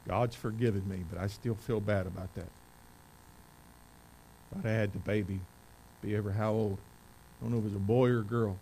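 Preaching man, scripture read loud and forceful. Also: on the low side, fairly even intonation, a little fast, gravelly, slight background noise, rough recording. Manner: rises to loud emphatic preaching when reading scripture, drops to quiet storytelling. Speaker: pastor. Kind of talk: sermon. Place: church service.

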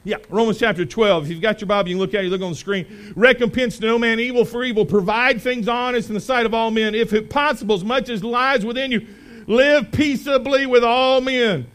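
A pastor with a high, bright-sounding voice preaches to his congregation in a folksy, chatty way. He rises into loud, forceful emphasis, then drops back to quiet, offhand asides. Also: steady tone, fast, few pauses, low-quality recording. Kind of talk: sermon. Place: church sanctuary.

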